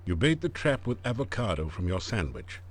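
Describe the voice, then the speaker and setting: A wry adventure-game narrator who tells puns with mock gravity. His low voice swoops through a very lively range. The delivery is dry and knowing. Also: fairly quick, faint music behind. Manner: dry, punning, mock-grave.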